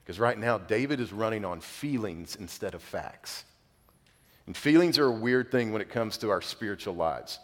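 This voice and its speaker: Low-voiced pastor preaching in a reverberant hall. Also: male voice, animated, normal speed. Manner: conversational and earnest, casual fillers. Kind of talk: sermon. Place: church sanctuary. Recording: long reverb of a large hall.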